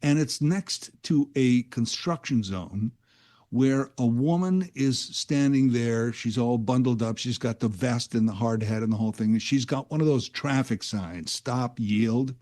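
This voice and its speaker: Guy filling in on talk radio, warm low-key voice, rambly storyteller vibe, studio mic. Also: unhurried. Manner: rambling, self-aware storyteller. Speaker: guest radio host. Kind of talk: casual talk-radio monologue.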